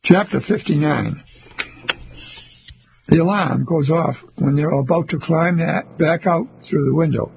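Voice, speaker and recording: A man narrating an audiobook in a calm, even storytelling manner, with a husky, creaky voice. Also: a little high, unhurried, rough recording. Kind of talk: scripted narration.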